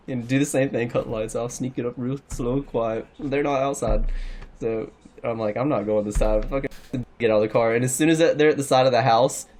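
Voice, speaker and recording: A man's voice: mid-range voice, normal speed. A young man telling a rambling, profane story in a casual chat with friends. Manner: rambling, profane, animated anecdote. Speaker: podcast regular.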